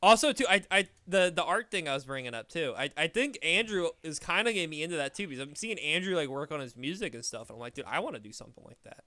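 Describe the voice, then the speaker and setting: A young man streaming a game and chatting casually, rambling and swearing as he tells animated stories. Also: on the high side, fast, few pauses. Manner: rambling, profane, animated storytelling. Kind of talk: casual gaming chat.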